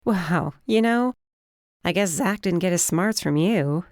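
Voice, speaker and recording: A woman's voice: fairly low pitch, measured pace, no room sound, studio quality. A woman voicing a defiant young fire witch who speaks bluntly and sarcastically in an audiobook. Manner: flat, sarcastic.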